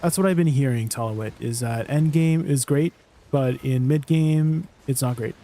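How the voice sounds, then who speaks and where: A man's voice: mid-range voice, moderate pace, warm tone. A man chatting casually on a game live stream, answering viewers' questions and laughing at himself. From Canada.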